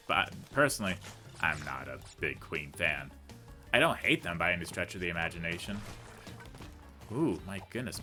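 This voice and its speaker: A man with a lowish voice chats his way through a video game playthrough. He rambles off on tangents and pokes fun at himself as he plays. Faint music plays underneath. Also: sharp tone. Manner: rambling, chatty, goes off on tangents; self-deprecating, jokey asides. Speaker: let's play commentator. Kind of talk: casual gameplay commentary.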